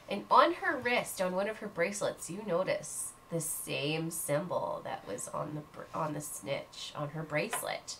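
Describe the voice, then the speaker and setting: A woman running a family tabletop game as game master, telling the story in an animated and encouraging way. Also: medium pitch, moderate pace, few pauses, slight background noise, poor audio.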